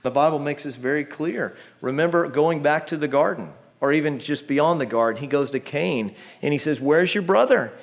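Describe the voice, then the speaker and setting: A man's voice: on the high side, normal speed, creaky, few pauses, lo-fi sound. A man preaches a sermon in a conversational, emphatic way, often putting questions to the congregation.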